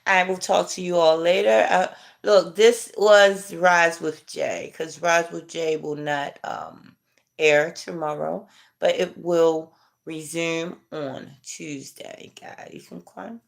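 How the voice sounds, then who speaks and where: A middle-aged woman hosting a casual livestream, chatting with viewers in a laid-back, drawn-out way and chuckling as she reads comments. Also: lowish voice, steady tone, vocal fry. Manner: laid-back, drawn-out delivery, chuckling while reading chat. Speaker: livestream host.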